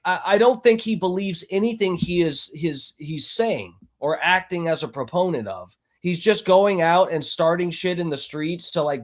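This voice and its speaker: A man hosting a live stream, giving profane, mocking, agitated commentary. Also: a little high. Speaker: streamer host.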